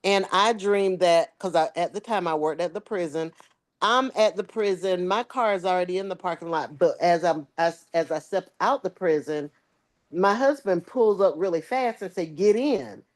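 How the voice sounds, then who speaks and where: A woman tells a story in a relaxed podcast chat. She puts on the voices of the people in it, and her pitch leaps up and down as she goes. She has the easy rhythm of someone talking with family. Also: moderate pace. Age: adult with children. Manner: animated storyteller, acts out quoted dialogue. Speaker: podcast co-host.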